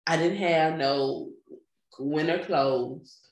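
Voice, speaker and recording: A young woman draws out her words in a low voice as she tells a story in casual conversation. She's animated, laughing a lot and acting out the voices she quotes. The room around her is echoey.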